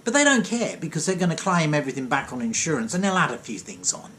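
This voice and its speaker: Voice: medium pitch, sing-song, fast, a bit bright, slight background noise. A comic storyteller giving a sarcastic, digressive rant monologue.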